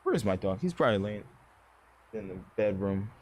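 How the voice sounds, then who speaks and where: The thirty-something streamer speaks fairly quickly in a low-ish, darkish voice with big pitch swings. Chatting casually on his livestream, he rambles, swears, and often imitates other people as he tells stories.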